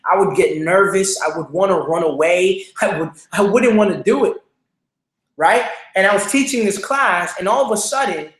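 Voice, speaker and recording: A man's voice: high-pitched, fairly bright tone, roomy sound. A young man hosting a show, telling a motivational personal story in an earnest, repetitive way with many fillers. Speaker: show host, speaker.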